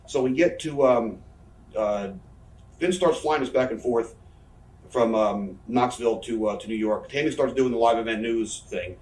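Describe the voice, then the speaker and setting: A man's voice: medium pitch, moderate pace, a little mellow, distant mic. A man in his thirties telling stories in a candid interview, rambling and swearing freely. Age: 30s. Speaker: professional wrestler interviewee. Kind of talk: candid shoot interview storytelling. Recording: roomy, voice from away from the mic.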